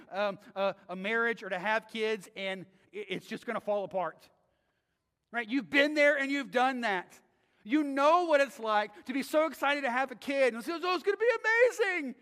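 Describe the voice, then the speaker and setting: High, bright-voiced preacher in a reverberant church. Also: male voice. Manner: conversational preaching with frequent rhetorical "right?". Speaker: pastor. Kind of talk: sermon. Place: church sanctuary.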